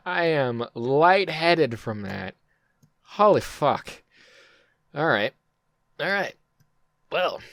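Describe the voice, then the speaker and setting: Slow-talking, rambling young American man. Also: mid-range voice, dry recording. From United States. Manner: rambling, profane and incredulous, with frequent fillers. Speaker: YouTube commentator. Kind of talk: casual reaction commentary.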